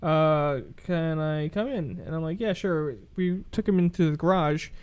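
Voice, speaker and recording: Animated and loose with profanity, this podcast co-host acts out other people's lines while telling a story in relaxed conversation. His voice leans high, his pace is moderate, and the tone stays clean.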